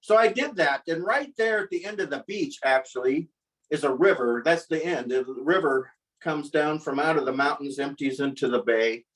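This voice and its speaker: Man, storyteller, wry, self-mocking, slightly high pitch, distant mic, live event. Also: normal speed, fairly bright tone.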